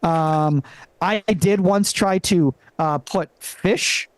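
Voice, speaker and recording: Halting young male stand-up comic. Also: high voice, no echo. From Venezuela. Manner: halting, full of fillers and restarts. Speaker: stand-up comedian. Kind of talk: live stand-up set. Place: comedy club stage.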